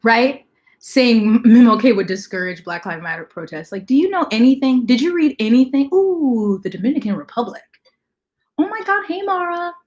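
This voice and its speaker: Fast-talking, chatty woman livestream host. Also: fairly high pitch, sing-song, darkish tone. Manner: talks fast, chatty, greets viewers by name. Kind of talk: casual livestream chat.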